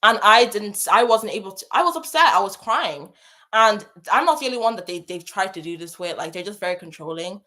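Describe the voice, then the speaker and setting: With a mid-range, expressive voice that sounds pushed and bright, this young adult advice host speaks a little fast. She reads viewer messages on a casual chat, talking emphatically and chattily while repeating phrases for stress.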